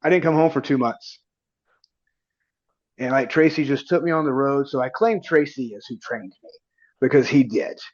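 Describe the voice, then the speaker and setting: A man's voice: medium pitch, normal speed, pauses often, lo-fi sound. A man in his forties, a guest on a podcast, telling stories casually and acting out the dialogue he recalls. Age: 40s. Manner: animated storyteller who acts out quoted dialogue. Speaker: guest, independent pro wrestler. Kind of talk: casual storytelling in a podcast interview.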